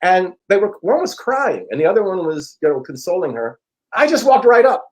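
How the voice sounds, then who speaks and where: A middle-aged man, an interview guest and personal growth teacher, telling a story in a frank, profane, animated way and acting out the dialogue. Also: high-pitched, moderate pace, low-quality recording. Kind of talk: casual storytelling.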